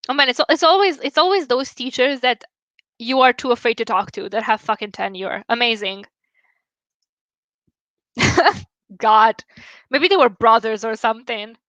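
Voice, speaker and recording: A woman's voice: on the high side, lively intonation, unhurried, long pauses, fairly bright tone, no room sound, low-quality recording. A young woman from Romania with a Romanian accent, chatting casually with viewers on a stream, laughing often and swearing freely.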